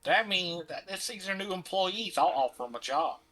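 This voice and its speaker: A man's voice: sits high, animated, moderate pace, bright, forceful tone. A man playing a tabletop game, laying out his character's plans in a rambling way with many fillers. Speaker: player.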